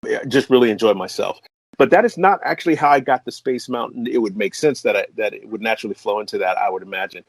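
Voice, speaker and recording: A middle-aged man from the American Midwest, a composer and voice artist telling a story as an interview guest, excitable and laughing often. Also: fast, creaky, breathy edge, no room sound. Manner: excitable, laughs often, jumps to high pitch when excited. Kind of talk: animated storytelling in conversation.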